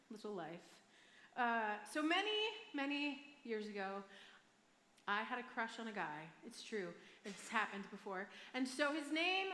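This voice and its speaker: A woman's voice: high voice, bright, forceful tone. A woman pastor with a Michigan accent, preaching a sermon in a chatty, self-deprecating way and often asking the crowd "right?". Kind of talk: sermon with personal story. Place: large church hall. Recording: echoey church hall with long reverb.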